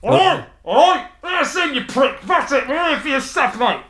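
A man voicing a rough, rude male intruder. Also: extremely high pitch, sing-song, moderate pace, reverberant, very noisy, pitched above the performer's own voice. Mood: aggressive. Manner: barking, rude.

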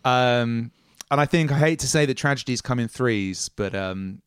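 A man narrating a tabletop game as game master, with measured storytelling and casual asides. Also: medium pitch, animated, a bit bright, clean tone, no echo, studio quality.

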